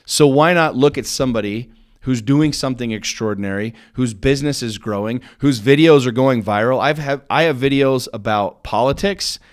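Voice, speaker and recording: A man's voice: mid-range voice, moderate pace. Middle-aged guy ranting blunt about business, swears a lot, fired up, keeps repeating himself. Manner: blunt, intense, swears freely; repeats words for emphasis. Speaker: podcast host and business coach. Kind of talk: motivational monologue.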